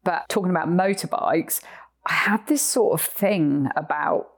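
Lively English woman telling a story. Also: lowish voice, unhurried. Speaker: podcast co-host, horse trainer. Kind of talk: storytelling podcast chat.

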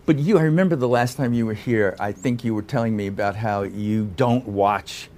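A man's voice: on the low side, moderate pace, darkish tone. A man hosting a studio interview, curious and teasing, asking questions casually. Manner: curious, teasing, laughs easily. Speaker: interviewer host.

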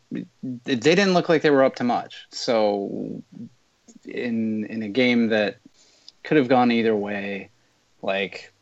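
A man on a football podcast who talks in a halting, reflective way and often corrects himself. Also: lowish voice. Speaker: podcast panelist. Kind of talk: casual football podcast chat. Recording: dull lo-fi audio.

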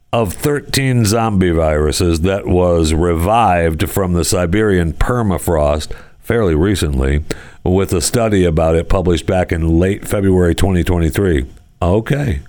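A man's voice: deep voice, a little mellow. A man hosting a casual talk show, rambling through odd news stories with sarcastic asides and frequent chuckles. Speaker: podcast host.

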